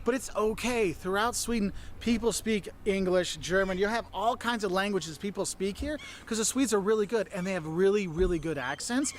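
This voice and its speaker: High-voiced, animated travel-tip man. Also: normal speed, few pauses, a little hiss or hum. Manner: animated, chummy, acts out little voices. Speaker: travel video presenter. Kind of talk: travel advice commentary.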